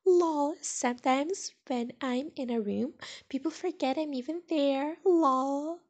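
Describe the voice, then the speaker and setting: This is a giggly, awkward young woman, as a woman voices her in a text story. She speaks in a high, soft voice and keeps putting herself down with small laughs. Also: slow pace.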